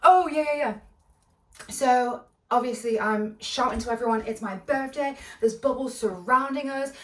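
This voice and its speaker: A woman's voice: fairly high pitch, moderate pace, recorded from a distance. A woman telling a storytime vlog in a bubbly, giggly, rambling way, full of side notes. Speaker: vlogger. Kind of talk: casual storytime. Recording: echoey room, voice a bit off-mic.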